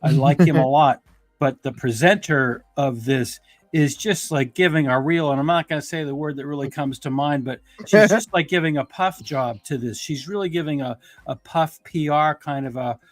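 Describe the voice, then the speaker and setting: A man's voice: fairly high pitch, normal speed, dry recording. A man who is an attorney, giving blunt, emphatic criticism in a casual podcast discussion. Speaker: guest commentator, attorney.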